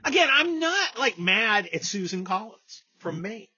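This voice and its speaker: A man talking through a casual political chat, his voice husky and bright, his pitch swinging widely as he rants and mocks. The recording sounds dull and lo-fi. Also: a little slow. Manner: sarcastic, animated, mocking impressions. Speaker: podcast host.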